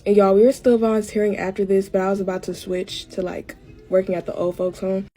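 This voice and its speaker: A woman's voice: medium pitch, flat delivery, fast, dark tone, faint music behind. Chatty young woman telling a storytime. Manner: chatty, keeps addressing viewers as y'all. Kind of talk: casual get-ready-with-me storytime.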